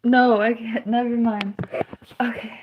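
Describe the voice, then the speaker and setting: A young woman talks unhurriedly on her live stream, her voice sitting a little high. She is hurting and near tears, and she rambles, laughs through the pain and lets out groans as she goes. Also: little pitch movement, measured pace, muffled recording, background noise. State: in pain, tearful. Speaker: livestreamer. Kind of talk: casual live stream chat.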